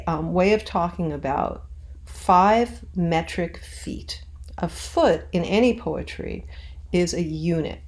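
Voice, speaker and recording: A woman's voice: deep voice, vocal fry. A woman teaching her acting students in an informal, chatty recorded lesson, tapping out rhythms aloud as she explains. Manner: relaxed, chatty, with frequent restarts and rhythmic demonstration.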